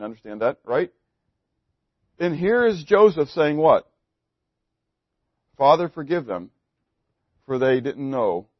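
A man preaching a sermon, swinging between loud emphasis and hushed asides and putting questions to the congregation. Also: sits high, slightly rough, dry recording, highs cut off. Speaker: pastor.

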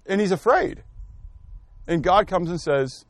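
High-voiced man teaching a Bible class. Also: expressive, moderate pace, no echo. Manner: asks the class questions and calls on people by name; thinks aloud and corrects himself. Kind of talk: interactive scripture lesson.

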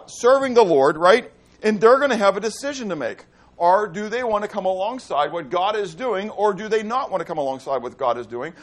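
Male pastor, high voice, animated sermon delivery with rhetorical repetition.

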